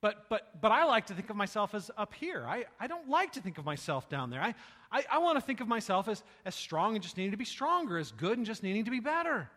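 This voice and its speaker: A man preaching a sermon with passion, swinging between hushed lines and loud ones and often repeating his words. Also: high-pitched, very animated, fast talker. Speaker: pastor. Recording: long reverb of a large hall.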